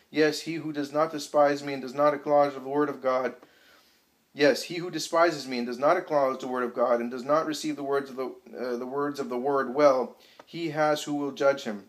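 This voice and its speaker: A solemn grown preacher who declaims his words to a crowd, read out by a man. His voice sits at a middling pitch and stays grave and commanding throughout. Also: natural voice, poor audio.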